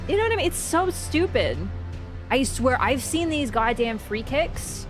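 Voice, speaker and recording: A woman's voice: high-pitched, very animated, unhurried, music in the background. A woman streamer in a casual live-stream chat, rambling and swearing as she rants.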